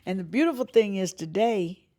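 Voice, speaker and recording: A woman from North Carolina, a singer-songwriter telling animated stories in an interview. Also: medium pitch, moderate pace. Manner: animated storyteller who acts out the voices of people she quotes, laughing often. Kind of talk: storytelling interview.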